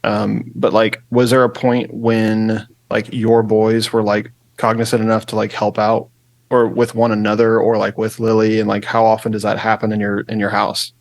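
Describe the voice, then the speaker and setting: A man's voice: lowish voice, moderate pace, vocal fry, no echo. A young man co-hosting a podcast, talking casually and rambling with lots of fillers about his daughter. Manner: relaxed, rambling with many fillers. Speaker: podcast co-host. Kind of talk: casual chat.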